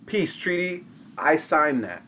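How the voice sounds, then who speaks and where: A man's voice: a little high, big pitch swings, slow, sharp tone, a little hiss or hum, voice pushed up, exaggerated voice, rough recording. A power-hungry tribal chief, voiced by a man retelling a story, snaps with threats and boasts. His voice lifts above the teller's own. He speaks in blunt street slang. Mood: scheming.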